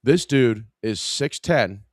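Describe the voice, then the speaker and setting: A man's voice: medium pitch, animated, takes it slowly, no echo, clean studio sound. A man hosting a podcast, telling a story in a casual, profane, exasperated way. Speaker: podcast host.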